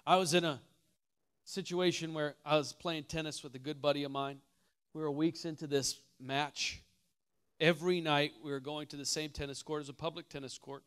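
A man preaches at a church conference with a bright, forceful voice that sits a little high for a man. He tells a story, drops to a hush, then climbs into loud, shouted declarations. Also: steady tone, moderate pace, clear, resonant tone. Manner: storytelling, swings from hushed to shouting. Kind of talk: sermon.

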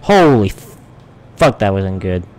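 This is live gameplay commentary from a man streaming a survival game, chatting to himself with excitable swearing, yelps and laughs at what unfolds. He speaks unhurriedly in a lowish voice.

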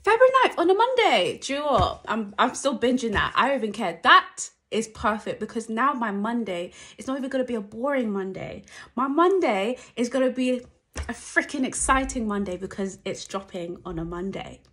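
A young woman gushing through a trailer reaction, talking animatedly and breaking into squeals and shouts. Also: on the high side, expressive, moderate pace. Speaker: YouTube reaction vlogger. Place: at home at night.

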